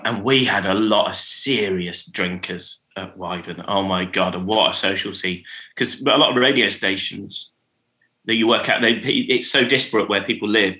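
This is a man chatting casually about his radio career and laughing often as he talks. He acts out callers and jingles along the way. His voice is bright and forceful, and it carries a noticeable room echo. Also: low-pitched. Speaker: radio programmer, podcast guest. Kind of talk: casual anecdotal chat.

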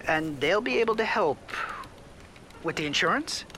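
A woman's voice: fairly low pitch, lively intonation, normal speed, fairly bright tone, slight background noise, pitched below the performer's own voice. A woman voicing an exasperated male caller, frustrated and complaining. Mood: worried.

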